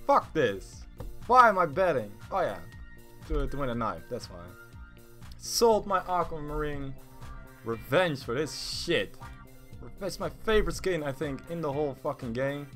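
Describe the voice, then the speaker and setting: A man runs casual commentary over his gaming session, excitable and quick to swear, dropping into mumbles and then yelling. His voice is bright and on the higher side, with a very lively pitch. Faint music plays underneath. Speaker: gaming YouTuber.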